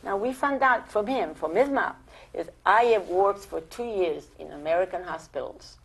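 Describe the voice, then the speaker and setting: An older woman with an Italian accent shares memories in an oral history interview, her voice sitting in a middle register. She tells her stories in an animated way, often stumbling and restarting her sentences as she goes. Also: mid-range voice, normal speed, gravelly, slightly rough. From Italy. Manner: animated storytelling with many restarts.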